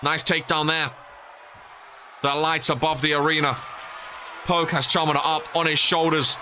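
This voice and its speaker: Young guy doing hyped wrestling game commentary, really bright voice, bit high, yells on the close calls. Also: normal speed, a little hiss or hum. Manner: excited, rising to shouts at near falls. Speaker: play-by-play commentator.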